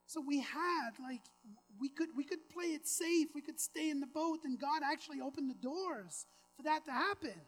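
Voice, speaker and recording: A woman with a fairly high voice preaches a sermon, talking in a relaxed, chatty way with offhand jokes and asides. She builds to emphatic, repeated phrases as the preaching intensifies. Soft music plays faintly behind her. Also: moderate pace, poor audio. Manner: conversational, with casual asides and self-deprecating humor.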